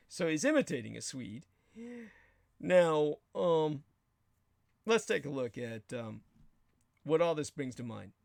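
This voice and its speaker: A man's voice: medium pitch, no room sound, studio quality. A man hosting a show, delivering an emphatic, sardonic political commentary monologue with crude asides. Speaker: show host.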